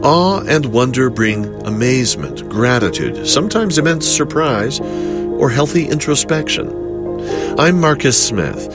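A man narrating a scripted podcast promo in a smooth, reflective, unhurried manner. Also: medium pitch, big pitch swings. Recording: music bed behind the voice.

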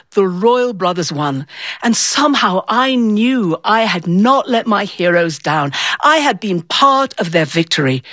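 A woman from the north of England telling a personal story in a playful, expressive way, acting out the voices in it. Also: mid-range voice, no echo.

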